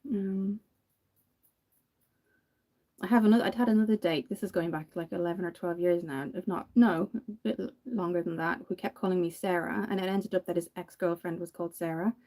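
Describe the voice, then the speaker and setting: With a fairly low, dark voice and fairly even intonation, this Irish woman in her thirties talks fairly quickly. She's a makeup vlogger who chats casually and tells stories while doing her makeup, often laughing.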